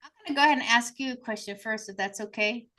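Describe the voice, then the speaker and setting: A woman co-hosting a live spiritual talk show, asking questions in a quick, chatty way. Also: on the high side, bright, forceful tone. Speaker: co-host.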